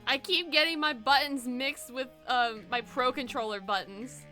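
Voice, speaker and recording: A woman streaming from home, chatting casually while she plays a game, excitable, laughing often and swearing freely. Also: high voice, moderate pace, soft background music. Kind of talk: casual live-stream chat while gaming.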